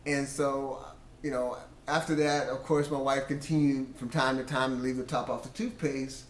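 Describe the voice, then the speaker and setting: A man's voice: mid-range voice, flat delivery, moderate pace, echoey room, a little hiss or hum. A man sharing a casual Christian testimony about his marriage in an earnest storytelling way, quoting himself and his wife.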